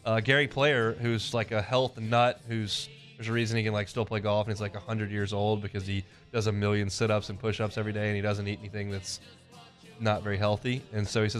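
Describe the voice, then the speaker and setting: A man's voice: lowish voice, flat delivery. Brief: male sports radio host, casual and opinionated, faint music bed. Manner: opinionated, conversational, quick back-and-forth.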